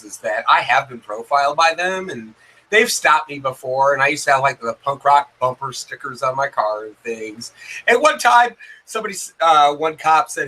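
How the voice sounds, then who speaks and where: A man's voice: medium pitch, pushed and bright, low-quality recording. A man as a guest in a casual discussion, talking hesitantly with restarts and fillers.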